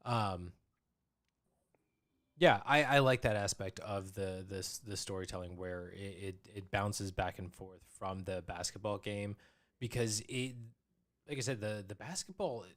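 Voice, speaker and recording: A man co-hosting a movie review podcast, talking casually and excitedly into a close mic, with quick restarts. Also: fairly low pitch. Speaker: podcast co-host.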